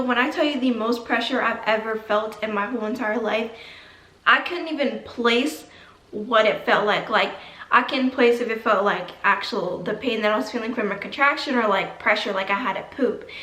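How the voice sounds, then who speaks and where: A woman's voice: on the high side, a bit bright. A young woman vlogger telling a personal story to camera in a chatty, dramatic way, with lots of "like"s. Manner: chatty, dramatic retelling with many "like"s. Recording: echoey room, mic at a distance.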